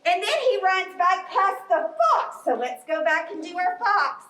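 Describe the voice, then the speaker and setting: A woman guides children through yoga poses in a bright, coaxing voice that sits high and moves at an unhurried pace. She is recorded from a distance in an echoey library room. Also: lively intonation, background noise. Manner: cheerful, coaxing instructions. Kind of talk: live kids' yoga story class.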